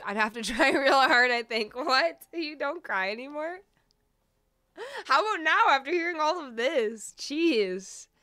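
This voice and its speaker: A woman's voice: fairly high pitch, pushed and bright, clean tone, no room sound, studio quality. A woman livestream host chatting casually and emotionally between songs, reading out viewers' comments, with many fillers and laughs. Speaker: streamer and singer.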